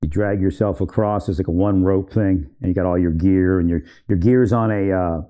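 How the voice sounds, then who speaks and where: A man's voice: sits low, fairly even intonation, normal speed, dark tone. Rambling man telling army stories. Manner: rambling, laughs often, self-correcting. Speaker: military veteran storyteller. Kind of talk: casual storytelling.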